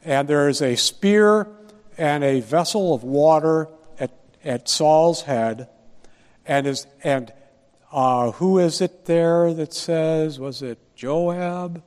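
A man teaching a Bible study lecture, deliberate and posing rhetorical questions to his listeners. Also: fairly high pitch, a little mellow, big-room sound.

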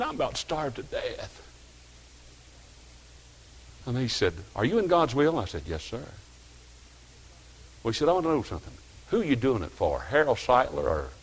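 Older man, pastor, folksy sermon storytelling, quiet asides and loud preaching. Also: medium pitch.

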